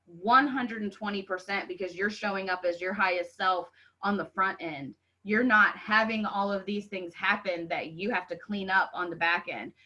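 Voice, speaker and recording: A woman's voice: medium pitch, sharp tone, muffled recording. A woman hosting a motivational podcast, talking fervently and preaching self-worth. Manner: fervent, preachy, says "y'all" often. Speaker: podcast host and life coach.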